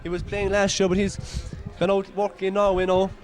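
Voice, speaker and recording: An Irish man giving excitable, partisan local commentary on a football match, exclaiming and scolding the players. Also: high voice, brisk.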